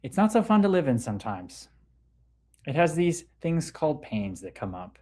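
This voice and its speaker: A man's voice: fairly high pitch, big pitch swings, normal speed. Laid-back spiritual man hosting a livestream. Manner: laid-back spiritual talk, greets viewers warmly by name. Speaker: livestream host. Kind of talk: casual livestream chat reading viewer comments.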